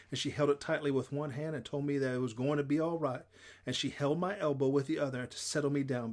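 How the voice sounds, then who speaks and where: A man reading a children's novel aloud in plain, steady first-person narration. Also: a little high. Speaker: audiobook reader.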